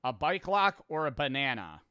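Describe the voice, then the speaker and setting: A young man in his twenties giving excitable live commentary as he plays a game, muttering low and then shouting, swearing freely. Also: moderate pace, smooth. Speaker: gaming streamer. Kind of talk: live gaming commentary to chat.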